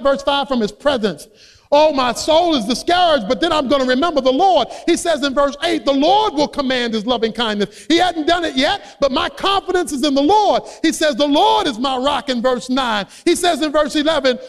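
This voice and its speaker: A man preaching a sermon as a pastor, emphatic and rising to shouts on key points. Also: extremely high pitch, lively intonation, moderate pace, long reverb tail. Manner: acts out quoted voices in his own voice.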